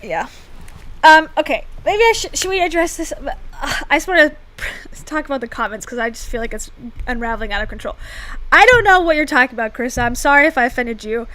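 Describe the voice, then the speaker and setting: High-voiced woman, chatty livestream cohost, laughs a lot, pokes fun at herself. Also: fairly quick, a bit bright, poor audio. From Florida, United States. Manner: chatty, self-deprecating, laughs often. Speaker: livestream co-host. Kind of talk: casual chat.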